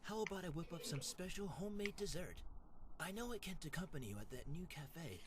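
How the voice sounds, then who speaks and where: A woman voicing a gentle, cheerful old grandfather in a fan voice-acting game session. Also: on the low side, expressive, a little fast, natural voice. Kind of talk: fan voice acting while playing. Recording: noisy home recording.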